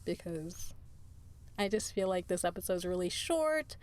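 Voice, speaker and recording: A woman's voice: on the low side, animated, moderate pace, a little mellow. A woman hosting her own podcast in casual solo chat, tired, chatty and laughing often, drifting into asides. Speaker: podcast host.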